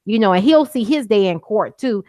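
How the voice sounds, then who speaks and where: A woman's voice: medium pitch, lively intonation, moderate pace, warm tone, no room sound. A middle-aged woman speaking as an interview guest, impassioned and insistent, repeating her points for emphasis and at times near tears. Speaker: guest, mother of a man killed by police. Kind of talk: interview over a call.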